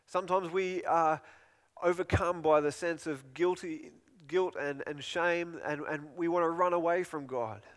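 Earnest preacher in a reverberant hall. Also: male voice, on the high side, fairly even intonation. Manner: earnest, repeating phrases, pleading pauses. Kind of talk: sermon.

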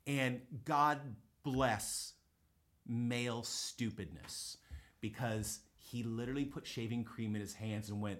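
A man in his forties, a guest on a comedy talk show, telling a story with animated delivery and acting out the people in it. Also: mid-range voice, slow pace. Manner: animated, acts out quoted people. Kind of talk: comic storytelling.

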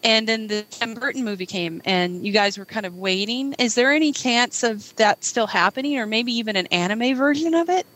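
Woman interviewer, eager fan energy, bright crisp voice, fairly high. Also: normal speed, few pauses, rough recording. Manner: gushing, enthusiastic fan. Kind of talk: casual interview chat.

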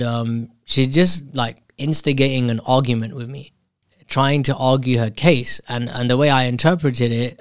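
A man talks through a personal story in a loose, unscripted monologue. He is candid and self-questioning, stopping and restarting his phrases as he thinks aloud. His voice sits at an ordinary pitch, recorded close and dry with no room sound. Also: clean tone, dry recording.

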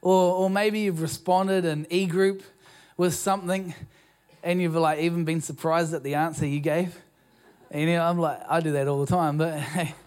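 A pastor with a New Zealand accent delivers a sermon into a stage microphone in a church. His voice sits somewhat high for a man, and he talks in a loose, conversational way, often restarting his sentences and poking fun at himself. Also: steady tone, moderate pace, darkish tone, smooth. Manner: conversational, self-deprecating preaching with restarts. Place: church auditorium.

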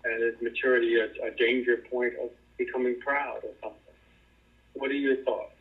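A man's voice: mid-range voice, flat delivery, brisk. A man in a Bible study group who reads scripture aloud and asks thoughtful questions. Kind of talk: reading scripture and asking questions. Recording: tinny phone line.

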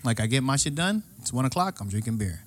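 Quick rambling man, blunt. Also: mid-range voice, big pitch swings. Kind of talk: casual podcast chat.

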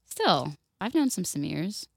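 Woman, podcast co-host, blunt, sweary, lower voice, dry. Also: sing-song, a little slow, gravelly, slightly rough, dry recording. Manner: blunt, sweary, laughs often. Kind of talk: casual chat, reading a story aloud.

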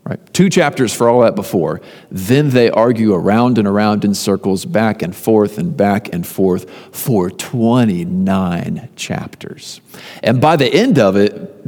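A man preaching a sermon, retelling a story conversationally with emphatic lists and pauses. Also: fairly low pitch, lively intonation, warm tone. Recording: long reverb of a large hall.

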